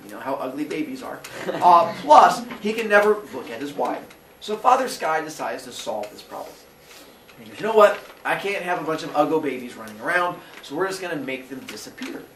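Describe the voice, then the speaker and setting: In a classroom, a man turns an old myth into a comic, animated story, joking and darting into quick voices to act out each character. His slightly high voice swings widely in pitch. He sounds distant from the mic in an echoey room, with faint hiss underneath.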